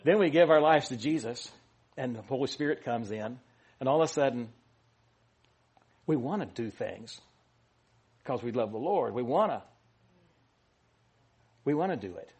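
Husky man giving a rambling, joking sermon. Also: medium pitch, animated, normal speed, pauses often, a little mellow. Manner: rambling, joking and self-correcting, with many restarts and fillers. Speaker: pastor. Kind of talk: informal sermon.

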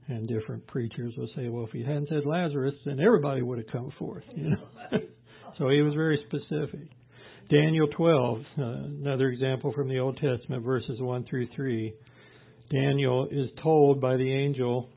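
A man with a husky, slightly breathy voice preaches a sermon, leaning into each scripture reading with slow emphasis before easing back into plain explanation. The sound is thin and tinny, like a phone line. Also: medium pitch, fairly even intonation. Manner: reads scripture slowly and emphatically, then explains in plain conversational asides.

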